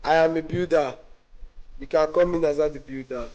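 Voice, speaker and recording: A man answering interview questions in a relaxed way, often repeating and restarting words. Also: on the high side, normal speed, muffled recording. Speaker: brand owner and interview guest.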